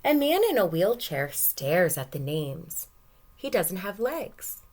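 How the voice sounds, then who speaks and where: A woman teacher reading a picture book aloud to young children, gentle and encouraging, stopping to ask questions. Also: on the low side, big pitch swings, slow, slight background noise.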